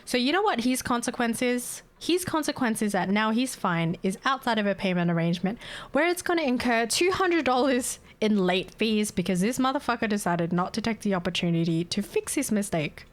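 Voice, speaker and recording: A woman's voice: fairly high pitch, animated, fairly quick. A woman live streamer venting in a casual, heated and profane rant, breaking into laughter. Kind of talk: casual ranting chat.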